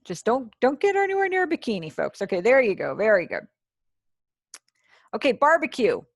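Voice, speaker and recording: A woman's voice: on the high side, very animated, brisk, dry recording, studio quality. A woman teaching a sign language class over a video call, chatty and encouraging, praising students as she goes. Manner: chatty asides to herself. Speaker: ASL teacher.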